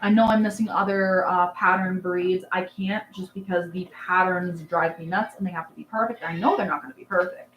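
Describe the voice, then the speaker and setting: A woman's voice: lowish voice, steady tone, a little fast, hardly any pauses, a bit bright, echoey room, lo-fi sound, a little hiss or hum. A young woman hosting a casual livestream, chatting and answering comments in a rambling, filler-heavy way. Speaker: livestream host, rabbit breeder. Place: dark barn at night.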